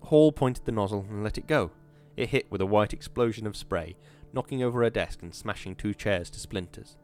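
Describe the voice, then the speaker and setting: A man reading a story aloud in steady, measured audiobook narration. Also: lowish voice, faint music behind.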